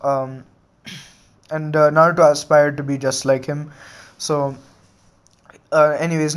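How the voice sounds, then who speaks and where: A young man improvising a fan story, halting and full of filler words and restarts. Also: fairly high pitch, clean tone. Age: young adult.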